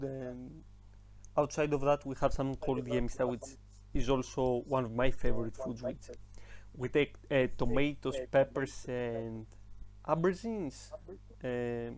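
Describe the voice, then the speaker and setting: A man with a Greek accent talks in a casual podcast chat. His voice sits at a middling pitch, and he often stops mid-sentence to search for an English word. He swears in a relaxed, offhand way. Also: slight background noise. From Greece. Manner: halting, searching for words, profane.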